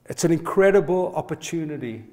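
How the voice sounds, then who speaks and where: A man's voice: fairly high pitch, animated, brisk, warm tone. A middle-aged man, a pastor preaching a sermon and telling personal stories, often turning to ask the congregation to respond. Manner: personal storytelling, asks the audience to respond.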